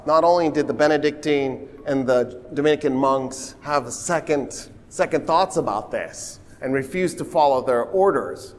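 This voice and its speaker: A man giving a public history lecture with Q&A, talking in an animated, joking, conversational way full of asides and quick impressions. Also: medium pitch. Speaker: university lecturer. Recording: reverberant hall sound.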